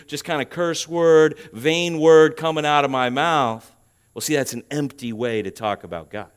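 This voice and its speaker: A man preaching a sermon as pastor, building to loud emphatic peaks on key points and checking in with the congregation. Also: fairly high pitch, normal speed, smooth. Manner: asks the congregation "okay?" to check understanding.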